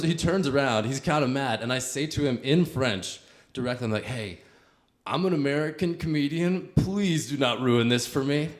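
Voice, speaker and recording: A young man, a comedian, telling a rambling story to a live audience in a casual, chatty way with lots of fillers. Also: medium pitch.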